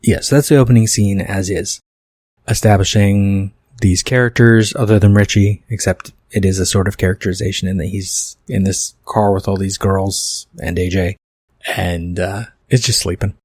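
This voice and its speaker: A man's voice: low voice, steady tone, normal speed, darkish tone, dry recording, studio quality. A man hosting a podcast, reading his own screenplay and rambling through self-correcting asides about it. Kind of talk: casual podcast commentary on his own script.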